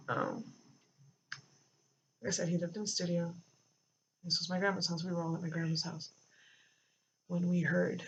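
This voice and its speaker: A vlogger telling a personal story in a halting way, full of fillers and restarts, recorded near a road with cars going by. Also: mid-range voice, creaky. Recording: dull lo-fi with faint traffic noise.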